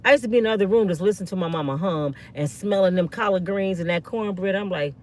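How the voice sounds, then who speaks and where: A woman hosting a show and telling animated stories, emphatic, preachy and sassy, with quick asides. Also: medium pitch, a little hiss or hum. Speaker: host. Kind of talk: animated storytelling rant.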